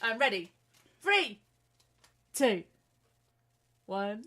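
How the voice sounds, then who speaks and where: A woman's voice: fairly high pitch, very animated, extremely slow, bright, forceful tone. Playful teasing woman co-host. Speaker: radio co-host. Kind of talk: casual radio banter.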